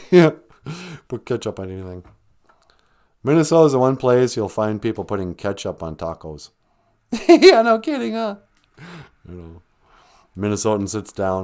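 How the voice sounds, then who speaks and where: Rambling man with a lively pitch. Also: normal speed, long pauses. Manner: rambling, laughs often. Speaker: podcast host. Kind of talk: casual live-stream chat.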